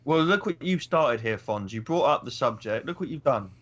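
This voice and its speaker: A man's voice: mid-range voice, animated, moderate pace, a bit bright, lo-fi sound. A man in casual banter, agreeing, joking and swearing.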